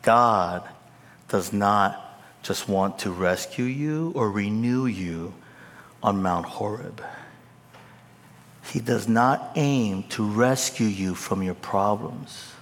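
Slow-preaching man in a reverberant hall. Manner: emphatic preaching, swings from loud high peaks to low casual asides. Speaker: pastor. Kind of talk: sermon.

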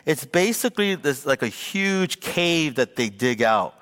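A male pastor in his forties preaches with a lively, swooping delivery and self-mocking stories. His voice rings out with a long reverb in a large church sanctuary. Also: fairly high pitch, a little slow. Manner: animated, self-mocking storytelling. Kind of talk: sermon.

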